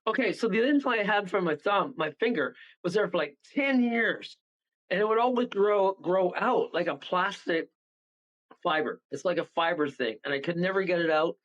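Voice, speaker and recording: A man guest on a radio show, telling rambling, animated stories and laughing partway through them. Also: high voice, moderate pace, muffled recording. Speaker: paranormal guest. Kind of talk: casual storytelling on a radio show.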